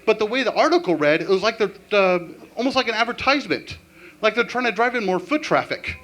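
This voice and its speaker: A man performing a stand-up comedy set with an animated, punchline-driven delivery. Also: high-pitched, fast talker.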